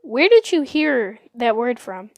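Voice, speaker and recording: A young woman voicing a calm, kindly boy who talks in a quiet, even and forgiving way. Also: very high voice, measured pace, creaky, no room sound, studio quality, full character voice. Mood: gentle.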